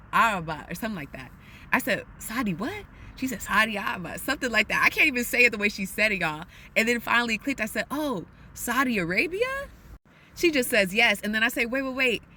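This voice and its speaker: A woman's voice: medium pitch, pushed and bright, slight background noise. A woman from the United States talking casually and animatedly to her listeners, calling them y'all. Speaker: podcast host.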